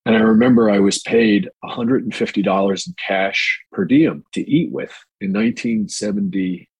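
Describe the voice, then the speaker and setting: A man in his sixties from New York, an actor telling his life story in a relaxed, rambling way with many fillers. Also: lowish voice, normal speed, husky, no echo, low-quality recording. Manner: relaxed, rambling with fillers, mimics quoted voices. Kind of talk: storytelling in a casual interview.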